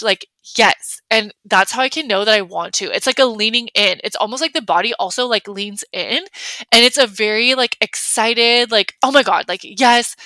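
Bright-voiced chatty young woman. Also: medium pitch, clear, resonant tone, no room sound. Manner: chatty, many fillers, acts out her own reactions. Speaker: podcast host. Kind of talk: casual solo talk.

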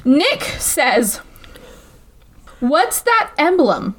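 A woman's voice: sits high, drawn-out words. A young woman hosting a casual comedic podcast, recapping a bad movie with sarcasm and plenty of swearing. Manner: animated, sarcastic, swears freely, acts out characters.

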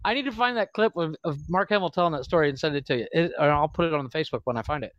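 A man's voice: on the high side, very fast, a bit bright, dry recording, lo-fi sound. A man hosting a podcast, telling a story in a rambling way, swearing freely and laughing often. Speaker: podcast host. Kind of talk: casual profane chat.

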